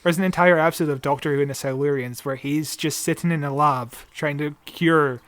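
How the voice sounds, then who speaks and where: Earnest higher-voiced male podcast co-host. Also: fairly even intonation, fairly quick, a bit bright, no echo. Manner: earnest, reflective, repeats words as he thinks. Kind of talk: casual podcast discussion.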